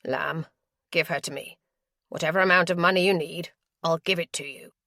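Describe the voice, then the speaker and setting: A woman narrator voicing a protective aristocratic gentleman with a firm, persuasive manner. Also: on the low side, steady tone, moderate pace, dry recording, studio quality. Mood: urgent.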